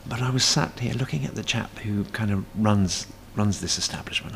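A man's voice: lowish voice, normal speed, vocal fry, a bit bright, a little hiss or hum. A man, a stage performer, chatting as a guest in a casual cafe interview, rambling with many fillers and restarts.

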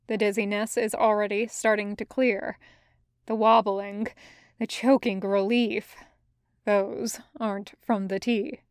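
A woman reading a fan fiction story aloud as narrator, in a measured, even way, close to the mic. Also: medium pitch, smooth, no room sound. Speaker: podfic reader.

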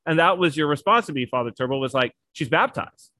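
A man, a podcast co-host, telling a family story in casual chat, animated and quick to act out what others said. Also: on the high side. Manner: animated storyteller, acts out quoted voices.

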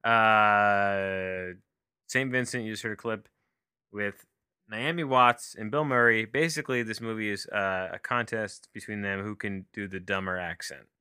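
Guy rambling thru a movie review in his home office, super bright crisp voice, dry sound. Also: lowish voice, fairly even intonation, measured pace, dry recording. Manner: rambling, self-deprecating, many fillers and restarts.

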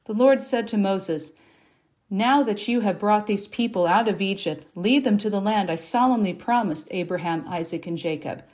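A woman reading a Bible passage aloud in a measured, expressive way, lifting her voice for the quoted speeches. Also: medium pitch. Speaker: Bible reader. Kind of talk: scripture reading.

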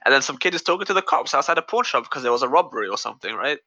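A man recapping a movie in casual podcast chat, animated and profane, laughing and acting out quoted lines. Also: mid-range voice, rapid-fire, muffled recording. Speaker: podcast co-host.

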